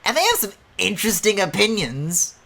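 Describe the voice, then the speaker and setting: Animated, chatty male game streamer. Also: high voice, normal speed, creaky. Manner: animated, chatty, swears, laughs often. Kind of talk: casual let's-play commentary.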